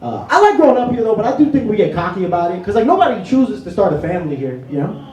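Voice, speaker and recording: New comedian in a roomy club. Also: male voice, high voice, very animated, very fast, crowd noise. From New York City. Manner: conversational, peppered with "you know?", acts out quoted voices. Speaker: stand-up comedian. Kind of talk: stand-up comedy set. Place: small indie comedy club, indoors. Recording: roomy club audio from a distance with audience laughter.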